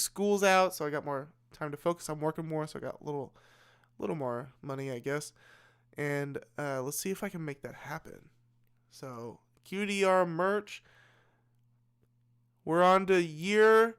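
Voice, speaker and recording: Young guy, stream host, late-night casual chat, rambly with repeats, smooth tone a touch high. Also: a bit bright. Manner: rambling, repeats and restarts words. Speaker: livestream host.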